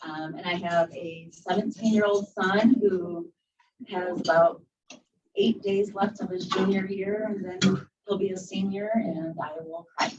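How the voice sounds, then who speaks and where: A woman introducing herself to a club, pausing often with ums and laughing now and then. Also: mid-range voice, steady tone. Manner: hesitant, many ums, warm laughs. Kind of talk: casual self-introduction. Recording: distant muffled room recording, faint noise.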